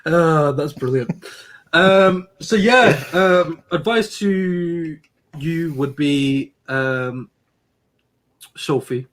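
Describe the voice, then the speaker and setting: A man's voice: a little high, very slow, fairly bright tone. A young man co-hosting a casual advice podcast, laughing often and stumbling over his words as he teases. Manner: laughs often, stammers and restarts, playful teasing. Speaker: podcast co-host.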